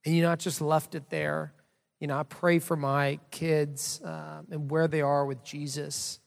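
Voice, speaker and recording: A man's voice: a little high, little pitch movement, measured pace, vocal fry. A man in his thirties preaching a sermon as pastor, telling a story in a casual, conversational way with many fillers. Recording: long hall reverb.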